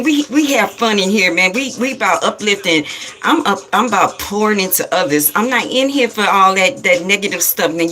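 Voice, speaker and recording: A woman hosting a spiritual livestream, scolding viewers and repeating herself for emphasis in a rapid-fire way. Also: medium pitch, fairly bright tone, slight background noise. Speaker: livestream host.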